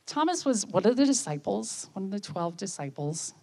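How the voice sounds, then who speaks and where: A woman, giving a conversational sermon and often checking in with listeners with quick questions. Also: medium pitch, big pitch swings, darkish tone. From United States. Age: 50s. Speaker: speaker at church.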